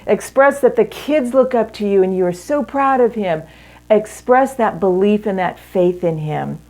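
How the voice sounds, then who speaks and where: A middle-aged woman giving an earnest teaching talk to women in a marriage seminar, speaking in measured phrases with pauses. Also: mid-range voice, mellow.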